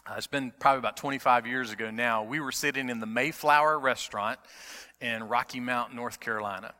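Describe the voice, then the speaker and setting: Preacher with a bright voice in a hall. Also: male voice, medium pitch, brisk. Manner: dynamic preaching, swings from hushed to emphatic. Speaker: pastor. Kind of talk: sermon. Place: church sanctuary. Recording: long reverb of a large hall.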